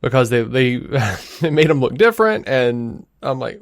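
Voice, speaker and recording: A man's voice: mid-range voice, unhurried, no echo. Argumentative podcast man, dry close sound. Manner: animated, argumentative, swears casually. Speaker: podcast co-host. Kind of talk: casual debate.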